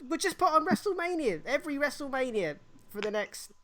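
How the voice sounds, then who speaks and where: A woman chatting casually as co-host of a live wrestling show. Her pitch swings widely as she gets animated, and she slips into quick voices to act out scenes and laughs often. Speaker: podcast co-host.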